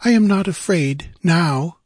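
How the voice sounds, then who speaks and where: A man voicing a frightened young woman in an audiobook, speaking in a soft, breathy whisper. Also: on the high side, lively intonation, unhurried, no echo, clean studio sound, pitched above the performer's own voice. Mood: fearful whisper. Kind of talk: audiobook character voice.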